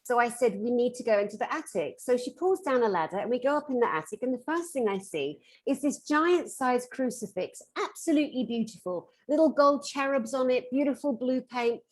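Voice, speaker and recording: A woman's voice: fairly high pitch, a little fast, hardly any pauses, rough recording. A woman working as a metaphysical therapist, telling a story on a conference panel and acting out the lines of the people in it. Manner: animated, acts out quoted dialogue.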